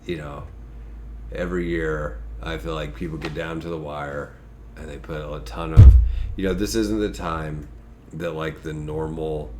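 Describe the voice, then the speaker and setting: A man's voice: extremely low pitch, a little hiss or hum. A man hosting a casual podcast while congested from a cold, talking in a crude, joking, rambling way. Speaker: podcast host.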